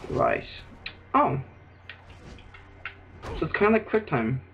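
An Irish man gives rambling, excitable let's play commentary, swearing freely and breaking into sudden outbursts. His pitch leaps and dips constantly. The recording sounds dull and lo-fi. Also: takes it slowly, creaky, a little hiss or hum. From Ireland. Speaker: gaming video host.

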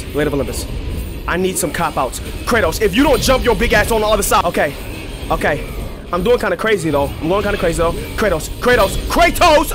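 A young man commentating his own gameplay, excitable and profane, trash-talking enemies and shouting at the screen. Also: high-pitched. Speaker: gaming channel host. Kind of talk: let's play commentary. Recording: game music clearly behind the voice.

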